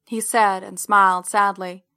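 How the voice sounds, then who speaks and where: Female audiobook narrator, bright tone, flat delivery, measured first-person storytelling. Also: medium pitch, smooth.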